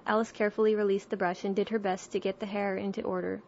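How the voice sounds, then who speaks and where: A woman reading a storybook aloud in a calm, even way, on a slightly muffled recording. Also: mid-range voice, fast talker, creaky, a little hiss or hum. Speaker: audiobook reader. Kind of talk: storybook narration.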